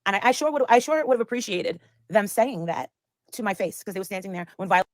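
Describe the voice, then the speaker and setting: A woman's voice: medium pitch, lively intonation, fast, dry recording. A woman telling a story in casual chat, rambling and acting out the lines of the people in it. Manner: rambling, acts out quoted lines. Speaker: guest storyteller.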